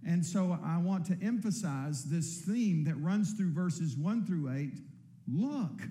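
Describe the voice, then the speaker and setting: A man preaching a sermon, earnest and emphatic, often repeating words and slowing to stress key points. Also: on the high side, lively intonation, warm tone, echoey room. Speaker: pastor.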